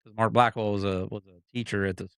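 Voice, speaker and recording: Middle-aged guest storyteller, smooth, dry close sound, animated, acts out others. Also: male voice, fairly low pitch, fast, dry recording. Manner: animated, acts out quoted people, frequent restarts. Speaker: podcast guest, motocross racer. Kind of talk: casual storytelling.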